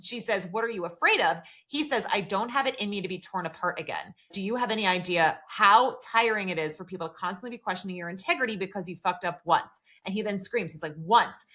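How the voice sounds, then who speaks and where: Speaking fast with few pauses, a woman co-host uses a mid-range voice that sounds bright and forceful. She chats casually on the podcast, retelling scenes and reading dialogue with plenty of "like" fillers.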